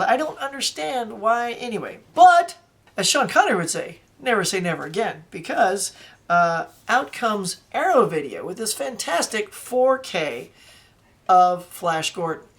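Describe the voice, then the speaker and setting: A chatty woman with a twang shows off her movie collection in a loose, animated vlog. Her voice sits in a middle pitch, and she wanders off topic before pulling herself back. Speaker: collector vlogger. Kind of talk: casual show-and-tell vlog.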